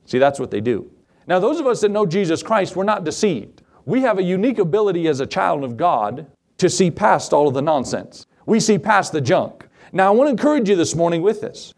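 A pastor delivers his sermon with a voice full of gravel and fry. His pitch sits a bit above the average man's. He stretches key words as he reads scripture and preaches. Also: big pitch swings, a little fast, darkish tone.

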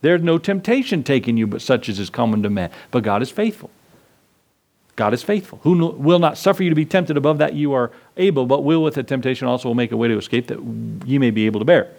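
A man's voice: mid-range voice, lively intonation, quick pace, a little mellow. A male pastor delivering a sermon to his congregation in a conversational way, often asking questions and answering them himself.

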